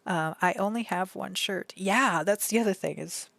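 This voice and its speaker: A young adult woman streaming from home, talking in a gentle, emotional way with many fillers and restarts. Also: medium pitch, normal speed, gravelly, no room sound. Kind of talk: casual live-stream chat.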